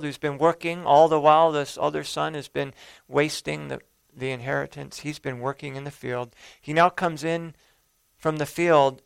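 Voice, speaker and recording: A man preaching a sermon, retelling a parable in an earnest storytelling manner, rising for emphasis and dropping soft. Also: on the high side, vocal fry, clear, resonant tone, dry recording.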